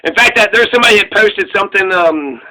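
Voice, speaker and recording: A man's voice: high-pitched, animated, quick pace, pushed and bright, low-quality recording. A man giving a casual political commentary rant, sarcastic and profane, mocking what he talks about.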